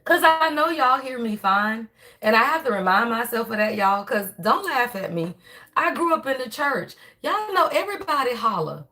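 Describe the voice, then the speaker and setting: A woman hosting a casual spiritual reading livestream, talking to viewers in an animated, chatty way with a tired, strained voice. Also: fairly high pitch, normal speed. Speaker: spiritual reader and channel host.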